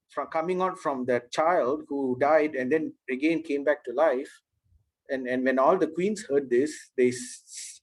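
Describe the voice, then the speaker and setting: Male storyteller-teacher, slightly high voice, earnest, restarts often. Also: poor audio. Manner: earnest, with frequent restarts and "right?" checks. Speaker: spiritual teacher. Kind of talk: storytelling in a class.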